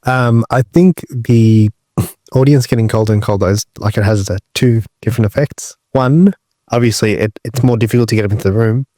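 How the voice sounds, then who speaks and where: A man's voice: medium pitch, moderate pace, warm tone, no room sound, clean studio sound. A man co-hosting a podcast who chats casually, rambling and questioning as he builds his point. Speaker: podcast co-host.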